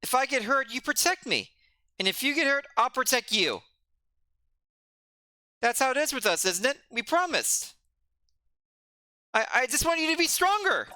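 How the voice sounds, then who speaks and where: A streamer voicing an anxious young kid companion in a game, speaking in a high, strained, pleading way. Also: sing-song, moderate pace, long pauses, bright, forceful tone, dry recording, clean studio sound, full character voice. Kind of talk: voicing game dialogue in a let's play.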